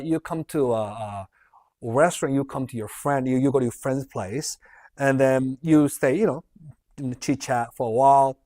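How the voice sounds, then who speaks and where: This livestream host has a slightly high, somewhat mellow voice. He answers viewer questions in a chatty, rambling way, reading them aloud and laughing along.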